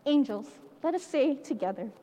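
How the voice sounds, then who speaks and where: Animated high-voiced woman leading a church pageant. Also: moderate pace, long reverb tail. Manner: animated, playful, coaxing the audience to join in. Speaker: children's pageant leader at church. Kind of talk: interactive storytelling for children. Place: church sanctuary.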